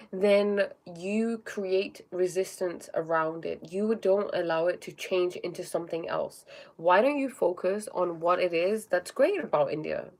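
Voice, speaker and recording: A woman hosting a spiritual livestream in a casual talking style. She often tags her sentences with "okay?" and greets viewers by name between points. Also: mid-range voice. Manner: reads viewer comments aloud and greets them.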